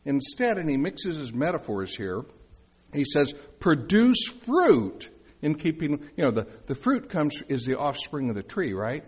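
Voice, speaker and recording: A man's voice: fairly high pitch, sing-song, a little slow, breathy edge. A male pastor preaching a sermon in a conversational way, with asides and questions to the congregation.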